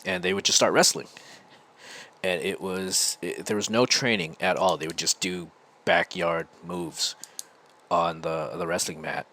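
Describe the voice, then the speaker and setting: A man's voice: sits low, expressive, a little slow, creaky, bright, forceful tone. An American man hosting a podcast, telling a casual, rambling story full of restarts. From United States. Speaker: podcast host.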